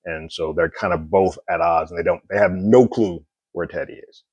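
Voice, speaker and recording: A man giving a casual, animated recap and review of a TV episode, chuckling often. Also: deep voice, husky, no room sound, highs cut off. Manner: animated, chuckles often, slips into quick impressions.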